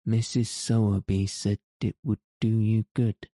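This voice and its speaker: A man's voice: fairly low pitch, level tone, measured pace, warm tone, no echo. A man voicing a weary, troubled middle-aged guardian in an audiobook, distracted and muttering. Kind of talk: audiobook character reading.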